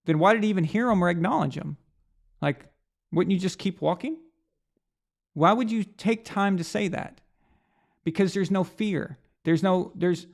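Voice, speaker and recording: A man's voice: high voice, gravelly. A man hosting a sports reaction show, delivering a blunt, heated rant full of rhetorical questions and profanity. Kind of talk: opinionated sports commentary rant.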